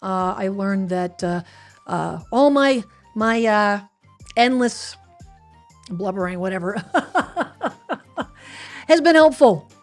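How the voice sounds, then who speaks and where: A woman's voice: mid-range voice, animated, takes it slowly, pauses often, faint music behind. A woman hosting her weekly livestream, talking casually and rambling a little as she answers viewers' comments. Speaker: livestream host.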